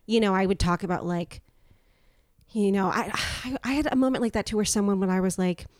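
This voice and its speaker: A woman's voice: medium pitch, brisk, a little mellow, dry recording. Woman in her thirties, casual podcast host, talkative and upbeat, dry studio sound. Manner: chatty, filler-heavy, upbeat.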